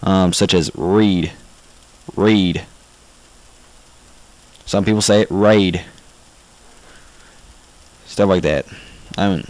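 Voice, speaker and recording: A man from the Southern United States giving a casual home-made tutorial, talking haltingly with frequent ums and self-corrections. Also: low voice, a little mellow, poor audio. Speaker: amateur video instructor.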